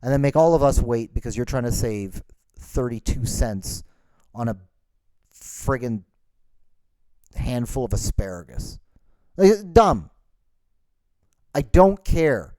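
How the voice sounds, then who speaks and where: A man's voice: medium pitch, expressive, takes it slowly, pauses often, mellow, no echo. A man hosting a podcast, ranting in an exasperated, sarcastic way. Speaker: podcast host. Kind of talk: ranting monologue.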